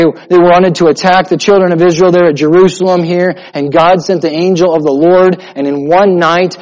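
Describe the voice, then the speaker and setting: A man pastor preaching a sermon, swinging between loud emphatic lines and soft, hushed ones. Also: high-pitched, lo-fi sound.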